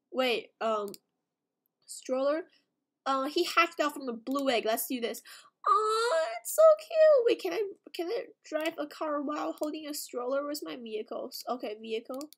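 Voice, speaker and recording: Woman, high voice, gameplay commentary, excitable, gasping, breathless delight. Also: moderate pace. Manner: excitable, gasping, repeated exclamations. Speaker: gaming video creator.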